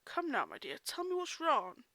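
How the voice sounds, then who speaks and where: A woman's voice: high voice, wildly swooping pitch, normal speed, bright, forceful tone, no echo, voice pushed up, exaggerated voice. Discord, a coaxing chaos spirit, a woman reading him aloud. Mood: gentle. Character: Discord, mischievous male chaos spirit, tender.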